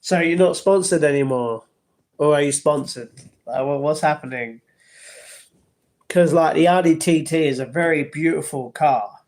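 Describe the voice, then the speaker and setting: A chatty man hosting a casual livestream from his home, reading out and answering his viewers' messages as they come in. His voice sits a little higher than most men's, and he slips into a mildly defensive, explaining tone when he talks back to the chat. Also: moderate pace, darkish tone. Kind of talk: casual live-stream chat.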